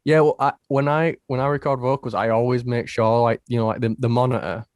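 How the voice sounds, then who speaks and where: Male host, animated anecdote-teller, dry recording. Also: medium pitch, fairly quick, no echo. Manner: animated, laughing storyteller. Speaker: podcast host. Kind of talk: casual storytelling.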